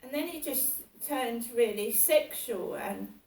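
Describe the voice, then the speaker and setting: A woman telling a personal story in a rambling, halting way, full of fillers and restarts. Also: on the high side, expressive, gravelly, darkish tone. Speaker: vlogger. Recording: roomy sound from a distance.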